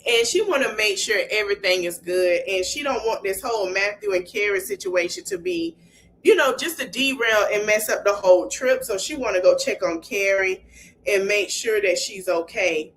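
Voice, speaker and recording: A woman hosting a podcast, casually recapping a reality show in an animated retelling and often laughing. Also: medium pitch, moderate pace, slight background noise. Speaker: podcast host.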